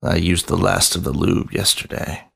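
A man voicing a low, teasing lion. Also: flat delivery, unhurried, creaky. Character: big male lion, teasing and domineering.

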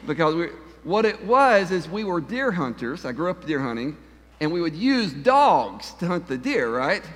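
A man's voice: on the high side, sing-song, normal speed. A man preaching a conversational sermon as pastor, folksy and self-deprecating, leaning hard on key words. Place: church sanctuary. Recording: long church-hall reverb.

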